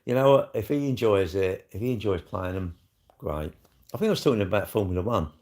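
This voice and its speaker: A man's voice: lowish voice, expressive, brisk, a little mellow. A middle-aged man with a South East London accent, chatting casually on a live stream in a blunt, sweary, rambling way.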